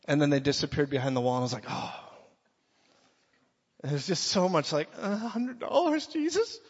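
A middle-aged man preaching a sermon in an animated way, dropping low and then rising to shouts. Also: brisk, long reverb tail, muffled recording. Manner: animated, swings from quiet to shouting.

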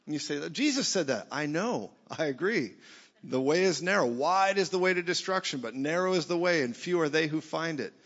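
A man preaching a lively sermon to a church gathering, joking with the crowd and rising to shouts. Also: fairly high pitch, moderate pace. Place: church meeting hall. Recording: dull sound in a reverberant hall.

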